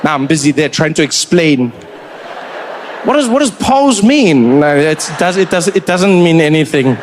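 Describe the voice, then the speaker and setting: Animated stand-up comedian. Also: male voice, fairly high pitch, moderate pace, background noise. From South Africa. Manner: animated, acts out voices.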